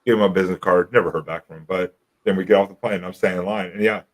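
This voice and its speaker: A man hosts a late-night livestream and chats loosely, with rambling, profane stories broken up by laughs. His voice sits very low in pitch. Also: steady tone, racing, low-quality recording. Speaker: livestream host. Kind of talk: casual chat.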